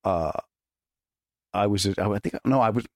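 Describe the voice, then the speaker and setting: A man hosting a podcast, telling stories in a self-mocking, animated way. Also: lowish voice, normal speed, no echo, clean studio sound. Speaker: podcast host. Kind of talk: casual storytelling chat.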